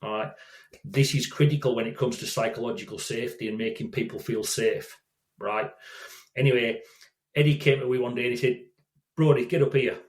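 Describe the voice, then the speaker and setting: A man's voice: mid-range voice, fairly even intonation, brisk. Man in his sixties, rambling storyteller, restarts often, echoey room. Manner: rambling, repeats words and restarts. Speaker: guest, safety consultant. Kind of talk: storytelling in casual interview.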